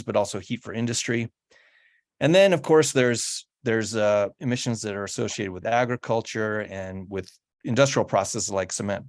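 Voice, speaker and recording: A man giving a slide presentation, explaining patiently and often restarting his sentences. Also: mid-range voice. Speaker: guest speaker on home electrification.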